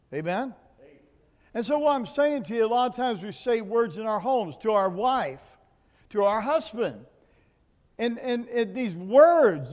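A man preaching a sermon, dropping to quiet asides and then rising to loud, emphatic points, often repeating words as he builds. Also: sits high, long reverb tail. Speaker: pastor. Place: church building.

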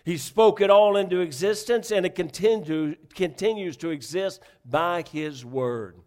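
Fervent high-voiced preacher man. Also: a little slow, a little mellow. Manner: fervent, repetitive, conversational preaching with restarts. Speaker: pastor. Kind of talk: sermon.

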